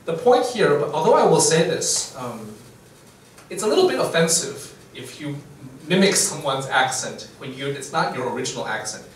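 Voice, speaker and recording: A man hosting a livestreamed English lecture, with a slightly high voice and a relaxed, chuckling manner full of fillers. He is picked up from across an echoey lecture room. A faint background hiss sits under the voice. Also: moderate pace, far from the mic. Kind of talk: casual talk in a livestreamed lecture.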